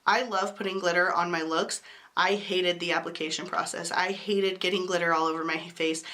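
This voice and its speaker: A woman's voice: fairly low pitch, steady tone, normal speed, bright, forceful tone. A woman reviewing makeup to camera in a chatty, enthusiastic way, her voice sick from a cold. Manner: chatty and enthusiastic, apologetic asides. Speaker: beauty YouTuber. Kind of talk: casual to-camera product review.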